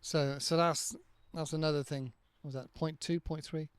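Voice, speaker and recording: A man's voice: on the high side, fairly even intonation, moderate pace, clear, resonant tone, dry recording. A man, hosting a casual podcast as an English teacher, patiently explaining pronunciation and demonstrating sounds word by word into a handheld mic. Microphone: handheld microphone.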